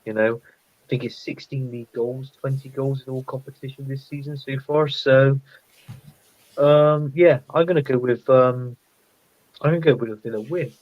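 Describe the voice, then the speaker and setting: A man chatting casually as a football podcast panelist, thinking out loud and laughing often. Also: mid-range voice, steady tone, normal speed, dull audio. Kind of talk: casual chat.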